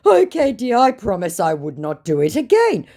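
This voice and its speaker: A woman voicing a pleading older male romance scammer who speaks slow, broken English. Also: on the high side, huge pitch swings, dark tone, pitched above the performer's own voice.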